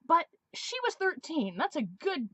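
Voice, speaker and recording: A woman's voice: sits high, sing-song, unhurried, a bit bright, no room sound. A woman in her twenties, a vlogger telling a story in a sarcastic, exasperated way. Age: 20s. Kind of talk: casual storytelling review.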